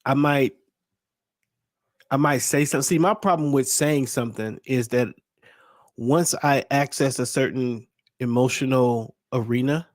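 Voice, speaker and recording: A man's voice: medium pitch, unhurried, pauses often, no echo. Hesitant, thoughtful man, dry sound. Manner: hesitant, searches for words, restarts. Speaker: podcast co-host. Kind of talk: casual conversation.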